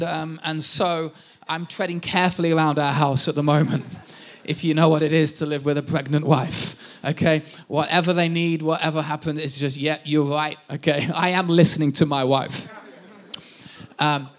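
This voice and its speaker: A man's voice: a little high, a bit bright. A man in his thirties, a pastor, preaching a sermon and telling family stories with self-deprecating humor.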